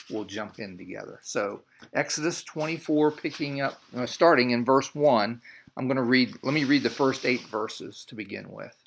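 A man leading a Bible study, reading scripture aloud and then explaining it in a loose, rambling way with many restarts. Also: medium pitch. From United States. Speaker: Bible teacher.

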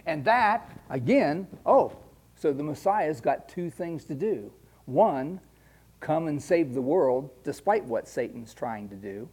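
A middle-aged man preaching a Bible lesson at an unhurried pace. His voice sits a touch higher than most men's, and he talks in a loose, conversational way, circling back and repeating words as he finds his phrasing. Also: sing-song, darkish tone, slightly rough. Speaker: Bible teacher. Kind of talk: sermon.

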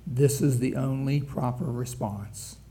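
Slow-preaching man pastor. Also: mid-range voice, dark tone. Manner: preaching with rising emphasis on scripture, many restarts and throat clearing. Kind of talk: sermon.

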